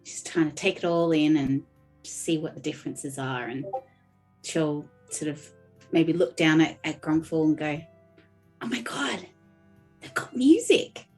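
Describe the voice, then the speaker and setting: A woman's voice: low voice, flat delivery, a little slow, darkish tone, faint music behind. A woman playing in a tabletop game, describing her character in a chatty way with many fillers. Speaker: player.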